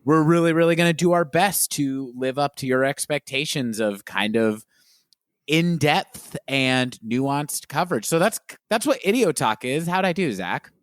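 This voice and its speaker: A man co-hosting a casual podcast, talking in an earnest, playful and animated way. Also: on the high side, moderate pace, no echo, studio quality. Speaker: podcast co-host.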